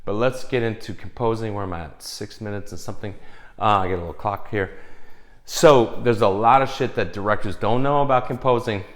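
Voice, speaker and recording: A man in casual monologue, telling studio stories with a slightly low voice. He rambles, restarts, swears freely and slips into little voices for the people he quotes. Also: fairly quick. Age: young adult or older, past twenties. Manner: rambling, profane, acts out quotes. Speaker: film composer.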